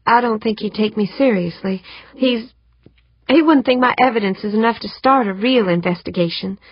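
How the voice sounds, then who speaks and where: Brief: woman narrator voicing a determined, worried young woman, husky tone, urgent, pleading. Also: fairly high pitch, normal speed, voice pushed up. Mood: fearful. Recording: dull muffled audiobook recording.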